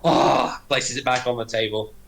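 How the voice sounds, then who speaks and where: A man playing a tabletop role-playing game, explaining and voicing characters in an animated way. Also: mid-range voice, moderate pace, creaky, a little hiss or hum, rough recording.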